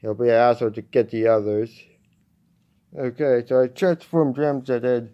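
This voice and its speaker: A man casually reviewing a toy at home, talking in a halting way with many restarts. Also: medium pitch, fairly even intonation, muffled recording. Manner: halting, with frequent restarts and fillers.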